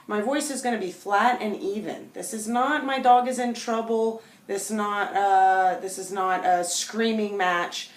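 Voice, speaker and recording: A woman dog trainer calmly explaining a technique to viewers in a demonstration video. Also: medium pitch. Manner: calm, explanatory, talks directly to viewers. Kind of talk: instructional demonstration to camera. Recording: echoey room.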